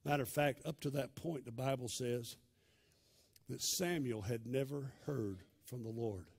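A male pastor, preaching a sermon in a dramatic storytelling way that swings from loud to hushed. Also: medium pitch, unhurried, creaky, slightly rough.

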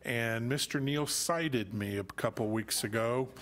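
A man's voice: mid-range voice, a little slow, fairly bright tone. A middle-aged man, a council member, speaks at a city meeting in a mid-range voice. His remarks are folksy and lightly joking as he turns to staff one by one.

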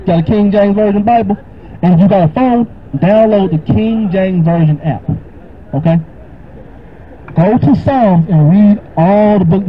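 A man answering a question with informal Bible teaching, talking casually and reading the verses aloud more slowly. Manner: casual, conversational, reads verses slower and higher. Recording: dull lo-fi recording with faint noise.

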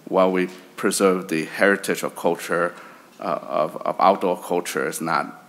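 A man chairing a state senate committee hearing, speaking in a halting way with repeated words. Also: low voice, steady tone, fairly bright tone. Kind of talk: legislative hearing remarks.

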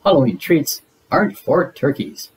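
Guy doing a smug farm boy calling out a trick, lively voice. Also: on the high side, moderate pace. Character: smug farmer's son, seeing through tricks. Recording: guitar music behind.

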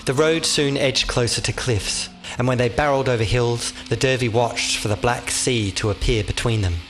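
Audiobook narrator: a man with a middle-pitched voice, measured and vivid. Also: fairly bright tone, a little hiss or hum.

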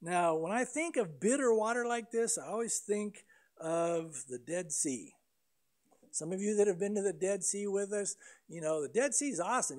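A high-pitched male pastor delivers a sermon in a church. He is animated and conversational, and he slips into quoted voices to act out prayers and complaints. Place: church sanctuary.

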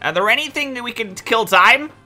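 A man's voice: very high voice, lively intonation, a little fast, sharp tone, soft background music, heavily acted. A man voicing bored male villain-team grunts as he reads game dialogue aloud in character, griping in a sulky, whiny way.

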